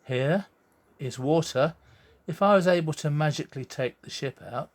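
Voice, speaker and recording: A man's voice: a little high, normal speed. A man giving a jokey science lesson full of puns and drawing diagrams as he explains. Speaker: science teacher. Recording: roomy echo.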